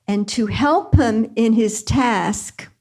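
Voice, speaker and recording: An older woman spiritual teacher speaks at an unhurried, deliberate pace, with a slightly raised pitch. She tells a teaching story gently and earnestly and repeats key phrases for emphasis.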